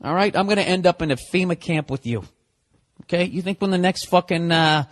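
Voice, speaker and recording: A male comedian rants to his listeners in a casual, exasperated monologue. His voice sits fairly high for a man, and he swears freely as he talks. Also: a little fast. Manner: profane, exasperated ranting. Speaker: comedian podcast host.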